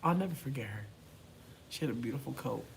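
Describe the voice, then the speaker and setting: A man chatting casually to camera, animated and profane, swinging from loud outbursts to mumbled asides. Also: mid-range voice, quick pace, gravelly, a little hiss or hum. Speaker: vlogger.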